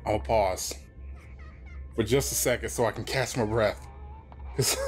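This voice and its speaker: A man's voice: on the low side, a little slow, long pauses, faint music behind. A man playing a horror game and commenting, jumpy and nervous, swearing and reading the on-screen text aloud. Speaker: let's play host.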